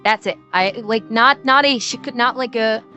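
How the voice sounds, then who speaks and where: A woman with a Midwestern accent chats casually on a stream, rambling and restarting her sentences, laughing often. Her voice sits a little high and sounds bright and sharp, with faint music in the background. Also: measured pace. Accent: Midwestern American.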